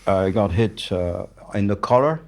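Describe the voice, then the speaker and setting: A man's voice: fairly low pitch, animated, measured pace, vocal fry. A man in his seventies from France, speaking English with a French accent as a guest, telling stories bluntly and matter-of-factly. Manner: blunt, matter-of-fact, swears freely. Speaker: guest, war journalist. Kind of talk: candid storytelling in conversation.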